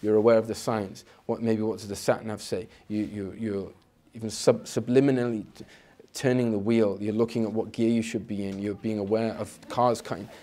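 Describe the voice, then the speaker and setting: A man's voice: level tone, moderate pace, hardly any pauses, warm tone. A man giving an informal spiritual lecture. He talks conversationally and often repeats a word at the start of a phrase. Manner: acts out inner voices with sudden pitch jumps. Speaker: Islamic teacher.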